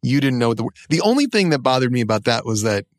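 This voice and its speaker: A man's voice: mid-range voice, big pitch swings, no room sound, studio quality. A middle-aged man co-hosting a podcast in casual chat, wry and joking, shifting his pace as he talks. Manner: wry, joking, speeds up and slows down. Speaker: podcast co-host.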